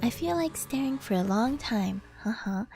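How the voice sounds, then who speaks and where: A woman's voice: fairly high pitch, lively intonation, moderate pace, vocal fry. A woman live-streaming, chatting casually and reading chat aloud, gushing with delight and giggling often.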